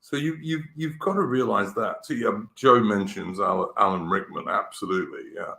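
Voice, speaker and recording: A man's voice: on the low side, normal speed, gravelly, bright, forceful tone, reverberant. A middle-aged man with an English accent, hosting a casual live-stream chat, rambling and opinionated. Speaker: podcast host.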